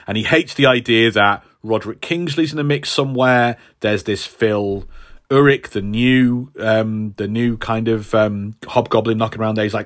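A man's voice: on the low side, fairly even intonation, moderate pace, fairly bright tone. A man co-hosting a casual chat, recapping a story in a rambling way with lots of fillers. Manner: rambling, hesitant with many fillers. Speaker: podcast co-host.

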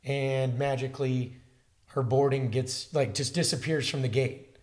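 A man with a medium-pitched voice talks a little slowly in casual chat, telling a long travel story. His storytelling is animated, and he acts out the dialogue of the people he spoke with.

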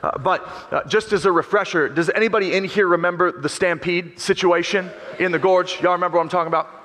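Emphatic pastor preaching in an echoey church. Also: male voice, sits high, fairly even intonation, quick pace, bright, forceful tone. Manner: emphatic, joking, storytelling. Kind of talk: sermon.

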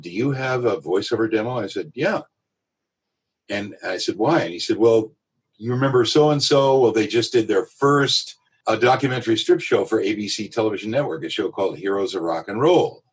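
A male voiceover artist telling a lively anecdote in an interview, with a husky voice. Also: deep voice, rough recording. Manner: animated anecdotal storytelling. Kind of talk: storytelling in an interview.

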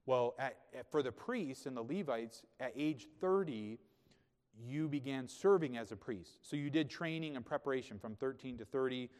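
A man's voice: mid-range voice, normal speed. Emphatic preacher man in a reverberant hall. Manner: conversational, emphatic preaching that swells to loud peaks. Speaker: pastor. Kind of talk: sermon.

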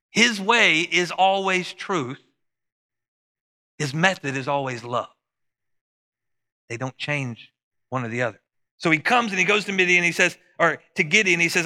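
Male pastor, sharp bright tone, casual preaching that slips into character voices. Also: high voice. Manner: conversational preaching, acts out voices of Bible figures. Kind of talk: sermon.

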